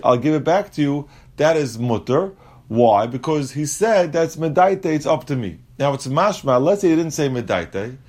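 A man teaches a Talmud lesson step by step, mixing English with Aramaic and Hebrew terms. He's animated, and his pitch jumps when he acts out quotes.

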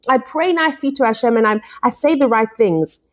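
A woman's voice: fairly high pitch, expressive, brisk, voice pushed up. A woman voicing a grieving biblical man in a scripture lesson, pleading his innocence in an anguished voice and repeating her words.

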